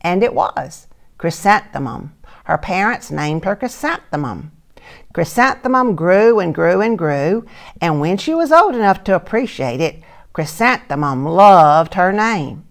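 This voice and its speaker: Older storyteller woman, retired teacher type; gentle picture-book reading, low gravelly voice. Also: big pitch swings, a little slow. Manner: gentle, asks listeners soft questions.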